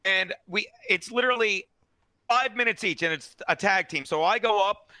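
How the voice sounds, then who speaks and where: High, bright-voiced man telling profane stories. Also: moderate pace, no room sound. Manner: profane, animated storytelling. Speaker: stand-up comedian and podcast guest. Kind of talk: casual podcast chat.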